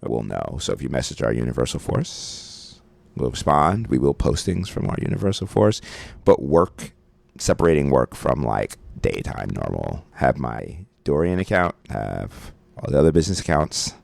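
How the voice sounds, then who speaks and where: A very deep, creaky, slightly mellow voice with big pitch swings belongs to a Brooklyn podcast co-host speaking at a moderate pace. In a radio studio on a studio mic, with no room sound, he chats loosely, jokes and swears freely.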